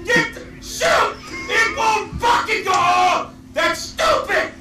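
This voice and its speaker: A man shrieking high and wild as he curses at a shooter game, his voice leaping all over the place. It comes from far off in an echoey room, buried in loud noise. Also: expressive, slow pace, music in the background, a crowd in the background. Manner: furious, cursing, shouting at the game. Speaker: gamer in a rage clip. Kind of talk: screaming game commentary. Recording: echoey, distant, loud noisy capture.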